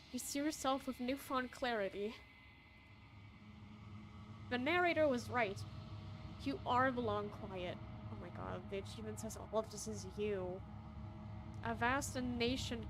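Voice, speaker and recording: A woman's voice: fairly high pitch, a little slow, long pauses, fairly bright tone, slight background noise. A young woman streaming a game, emotional and reading the on-screen text aloud. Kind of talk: casual let's-play commentary. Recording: game music behind.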